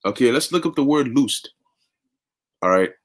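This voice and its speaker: Husky man, fervent informal preaching, lively rising and falling pitch. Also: moderate pace. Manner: fervent, conversational, often says "man" and "okay". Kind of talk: informal scripture teaching.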